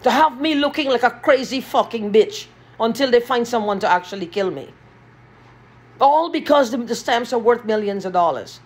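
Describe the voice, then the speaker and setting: Brief: husky woman, slightly high voice, agitated repetitive vlog rant, small basement room. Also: expressive, normal speed. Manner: agitated, repetitive, swearing often. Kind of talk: ranting vlog monologue.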